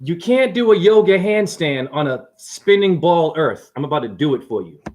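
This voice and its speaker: Man, high voice, excitable, preachy, rambling livestream talk, from his apartment. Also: moderate pace. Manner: excitable, preachy, jumps between ideas. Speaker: self-styled spiritual teacher.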